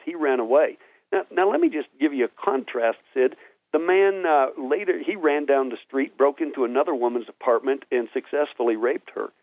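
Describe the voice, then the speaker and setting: A man's voice: fairly high pitch, creaky, dry recording. A man who is a guest minister on a talk show, teaching with earnest emphasis and then praying. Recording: tinny phone-like dry sound.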